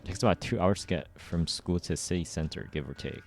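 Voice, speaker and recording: A man's voice: low voice, fast, creaky, soft background music. A man reading a frightened young schoolgirl fleeing a burning city, in a tense inner monologue. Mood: anxious. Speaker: reader. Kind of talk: amateur story readthrough.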